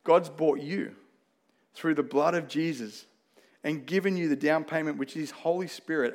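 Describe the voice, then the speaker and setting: A man with an Australian accent preaching a sermon, earnest and conversational, weaving in personal stories. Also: on the high side. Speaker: pastor.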